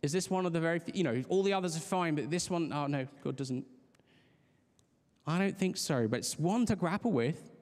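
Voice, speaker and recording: A man's voice: on the high side, animated, brisk, darkish tone. A man preaching a sermon in a conversational, earnest way, restarting phrases and laughing lightly as he talks. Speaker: pastor. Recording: long reverb of a large hall.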